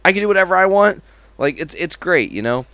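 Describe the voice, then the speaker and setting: Male podcast co-host, lively swearing storyteller, swinging pitch, dry close sound. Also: fairly quick, no room sound. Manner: profane, animated storyteller mimicking horn sounds. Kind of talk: casual chat.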